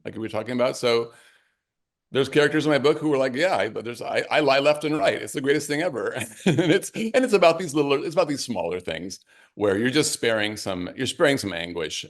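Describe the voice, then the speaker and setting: A middle-aged man, an author and caregiver, talking things through in a halting, reflective way during an interview. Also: lowish voice, vocal fry. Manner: reflective, halting, many restarts. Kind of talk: conversational interview.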